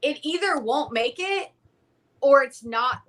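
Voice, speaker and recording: A woman's voice: sits high, takes it slowly. A young woman, a guest from a whiskey company, telling a story in a casual interview and acting out the dialogue. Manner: animated, acts out quoted dialogue.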